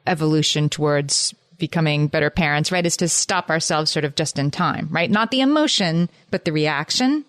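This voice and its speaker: A woman with a fairly low voice hosts a podcast, restating her guest's ideas and checking she has them right. Her voice sounds dry and close to the mic, with no room echo. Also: normal speed, hardly any pauses, fairly bright tone. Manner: affirming, summarizes the guest's points and asks follow-ups. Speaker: podcast host. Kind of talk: podcast interview.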